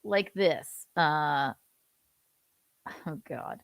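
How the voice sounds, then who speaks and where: A woman's voice: sits low, very slow, vocal fry, dry recording. Sarcastic woman streamer, dry close sound. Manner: sarcastic, swearing, laughing asides. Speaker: livestream host. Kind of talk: casual commentary chat.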